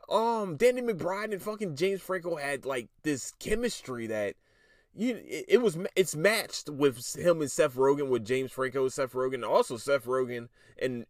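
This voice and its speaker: A man's voice: mid-range voice, dry recording, clean studio sound. A young man hosting a solo podcast, rambling casually with profanity and self-mocking asides. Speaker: podcast host.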